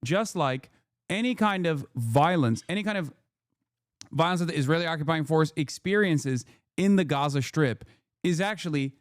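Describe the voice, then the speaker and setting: A man's voice: on the high side, expressive, normal speed, no room sound. Heated, profane streamer man, dry sound. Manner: heated, profane, emphatic and repetitive. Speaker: streamer host. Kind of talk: political commentary stream.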